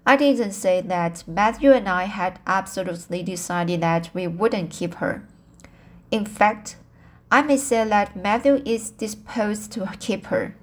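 A woman's voice: medium pitch, unhurried, lightly acted. Marilla, a stern spinster, as a woman reads her. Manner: plain reading with slips and restarts. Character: stern middle-aged spinster woman, brisk. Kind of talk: amateur audiobook reading.

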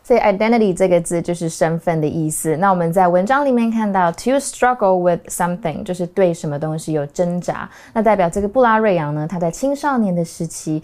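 A woman's voice: on the low side, expressive, a little fast, few pauses, a little mellow. A woman co-hosting a bilingual English lesson, explaining the words in a chatty way with frequent agreeing fillers. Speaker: co-host explaining in Mandarin.

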